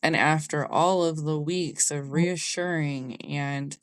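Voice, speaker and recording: A young adult woman with a deep, steady voice hosts a podcast, candidly sharing a personal story and dropping a Southern "y'all." She speaks slowly with few pauses, and the clean recording has no echo.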